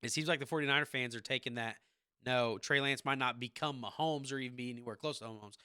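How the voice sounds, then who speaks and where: A man in his thirties hosts a casual sports podcast from his basement, rambling from one point to the next like an excited fan. His voice is bright and crisp. The sound is dry and close, with no room around it. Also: medium pitch, fast, dry recording. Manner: rambling, animated football fan. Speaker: podcast host. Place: home basement man cave.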